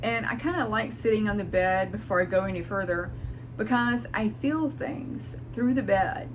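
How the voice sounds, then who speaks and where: A woman's voice: medium pitch, moderate pace, a little hiss or hum. A woman casually telling an earnest, emotional personal story in a rambling way, near tears at times, speaking at home. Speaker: spiritual vlogger.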